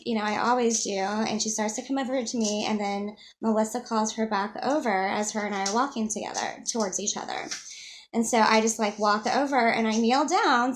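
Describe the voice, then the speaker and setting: A woman with a fairly high voice tells a personal story straight to the camera in casual vlog style. She rambles, piles up fillers and restarts her sentences, and stays upset throughout. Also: slight background noise. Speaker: mother telling her story.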